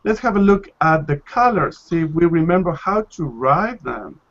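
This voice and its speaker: A male Spanish teacher leading a live online class, speaking slowly and patiently, repeating words to model pronunciation. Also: a little high, very animated, dull audio. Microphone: video call.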